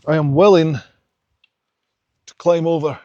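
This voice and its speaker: Young scottish guy vlogging on a hike, rambly and opinionated, kinda high voice, dry sound. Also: fairly even intonation, unhurried, dark tone, no room sound, dull audio. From Scotland. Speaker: hiking vlogger. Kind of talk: casual vlog chat on a walk. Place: outdoors in mountains.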